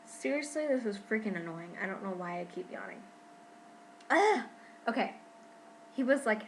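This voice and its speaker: Young woman chatting into her camera at home, expressive, mid pitch, a little faint hiss. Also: moderate pace, long pauses, rough recording. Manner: chatty and expressive, says "freaking" often. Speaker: vlogger. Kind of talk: casual pregnancy vlog.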